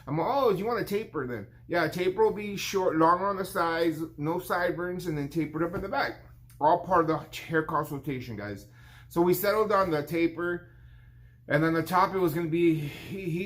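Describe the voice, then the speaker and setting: A man's voice: fairly high pitch, a little fast. A man in his fifties, a barber hosting his own vlog, telling a shop story in a rambling, casual way and acting out his client's lines. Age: 50s.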